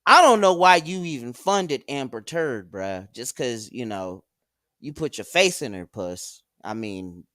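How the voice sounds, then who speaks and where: Slow, lively-pitched man rambling on a stream. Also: no room sound, clean studio sound. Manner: rambling, profane, mock-tough. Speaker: livestream host reading chat. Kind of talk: casual livestream chat.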